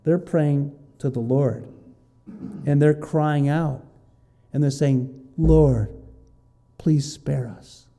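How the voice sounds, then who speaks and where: A man reading Bible verses aloud and explaining them in a lively, conversational teaching style. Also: a little high, slow, creaky, pauses often. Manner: reads scripture aloud, then explains it with lively asides.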